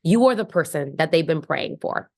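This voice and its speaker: A woman with a somewhat low voice tells upbeat stories of recruiting calls, acting out each side of the conversation. She talks to a group over a video call, with high energy and plenty of encouragement. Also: moderate pace, vocal fry. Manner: animated storytelling, acting out phone calls. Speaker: team leader sharing recruiting tips.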